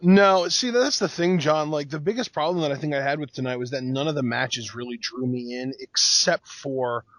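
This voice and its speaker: Excitable man in dry podcast chat. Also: a little high, normal speed, few pauses, no echo. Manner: excitable, talks in bursts with restarts. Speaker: wrestling podcast co-host. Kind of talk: casual recap chat.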